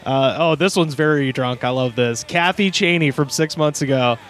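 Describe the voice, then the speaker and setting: A man's voice: a little high, moderate pace, hardly any pauses, faint music behind. A man, co-hosting a casual comedy podcast, reading comments aloud and laughing often. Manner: laughs often, slips into silly put-on voices for comments. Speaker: podcast co-host.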